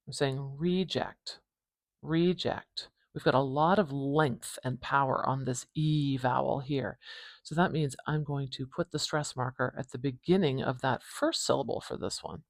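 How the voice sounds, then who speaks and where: Pronunciation teacher, North American accent, mid-pitched voice, careful repetition of words, casual thinking aloud. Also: dry recording. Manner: thinks aloud, repeats words slowly and deliberately. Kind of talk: informal phonetics lesson.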